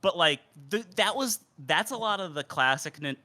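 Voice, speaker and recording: A man's voice: high voice, lively intonation, moderate pace, sharp tone. A young man co-hosting a gaming podcast, rambling with lots of fillers in casual chat. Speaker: podcast co-host.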